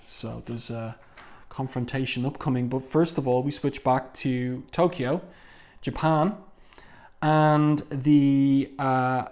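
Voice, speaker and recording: A man's voice: mid-range voice, darkish tone. Chatty man reviewing comics. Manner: chatty, stops to read panel dialogue aloud. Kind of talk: casual comic book review.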